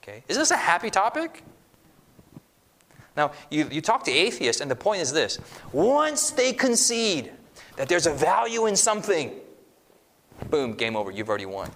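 At a church seminar, a man with a slightly high voice gives a lively religious teaching talk at a moderate pace with long pauses. He acts out quoted voices and swings his voice up and down for emphasis.

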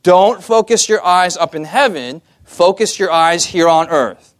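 A man's voice: high-pitched, measured pace. Man preaching, calling for amens. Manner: asks the audience questions, calls for amens. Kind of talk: sermon.

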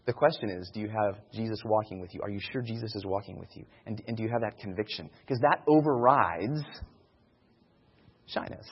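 A man's voice: on the low side, a little fast, slightly rough. A man giving an informal sermon talk on sharing faith, earnest and repeating his key phrases for emphasis. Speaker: speaker teaching evangelism. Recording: dull sound in a reverberant hall.

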